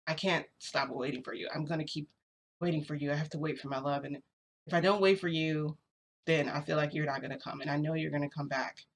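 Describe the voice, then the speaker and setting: A woman quoting a flirtatious, insistent adult man in a low, hushed voice. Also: steady tone, fairly quick, a little hiss or hum. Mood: pleading.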